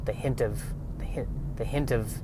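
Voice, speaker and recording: A man's voice: mid-range voice, moderate pace, background noise. A man doing a stand-up monologue, musing in a rambling, self-deprecating way. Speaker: comedian.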